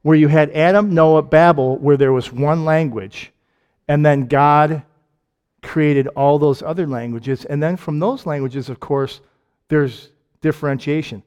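A man with a Michigan accent preaching a conversational sermon, firing off rhetorical questions and jokes and swinging between loud and quiet. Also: fairly high pitch, measured pace, clean tone. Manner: asks lots of rhetorical questions.

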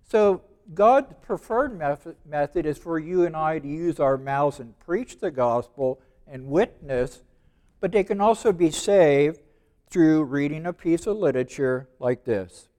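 A man in his seventies preaching a sermon, stressing and repeating key words and slowing down when he reads verses aloud. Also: fairly high pitch, animated, warm tone. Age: 70s. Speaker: preacher teaching evangelism.

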